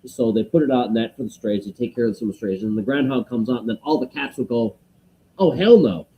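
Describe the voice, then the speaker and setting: A man's voice: medium pitch, fairly even intonation, fast talker, warm tone, a little hiss or hum, poor audio. A man co-hosting a podcast in casual chat, telling rambling stories, swearing and acting out voices. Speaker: podcast co-host.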